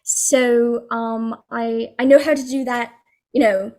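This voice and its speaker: Young woman guest, high voice, chatty and expressive, over a video call. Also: moderate pace. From New Jersey, USA. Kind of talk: casual interview chat.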